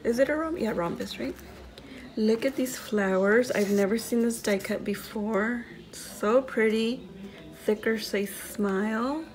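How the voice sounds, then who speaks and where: A woman hosting a crafting video, unboxing mail from a friend and gushing over each handmade piece with excited exclamations. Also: a little high, unhurried, soft background music. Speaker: crafting channel host.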